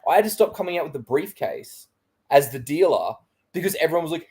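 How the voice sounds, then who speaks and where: An Australian man in casual podcast chat, full of swearing and acted-out reactions. His pitch jumps up sharply when he gets worked up, then drops back to a mid-range, conversational tone. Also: fairly quick. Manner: animated storyteller who acts out his own reactions, swears freely. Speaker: podcast co-host.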